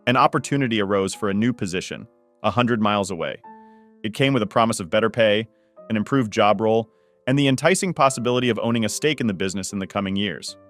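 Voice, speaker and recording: A man tells a first-person family drama in a steady, matter-of-fact manner, his voice sitting on the low side. Faint music plays quietly behind the narration. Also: fast.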